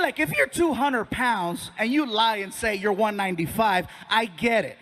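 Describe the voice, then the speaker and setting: A male stand-up comedian telling an animated story on stage and acting out other people's voices. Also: very high-pitched, moderate pace, few pauses, background noise.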